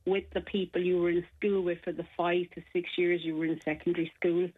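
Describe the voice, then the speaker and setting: A woman's voice: on the low side, little pitch movement, a little fast, husky. Irish woman on a tinny phone line. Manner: chatty, warm reminiscing with many fillers. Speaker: caller. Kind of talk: casual phone chat.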